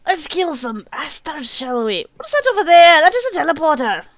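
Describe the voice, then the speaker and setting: Lady gamer swearing her way through a game, high voice, bouncy pirate-ish lilt. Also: big pitch swings, normal speed, a bit bright, no echo. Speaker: gaming channel host. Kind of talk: let's play commentary.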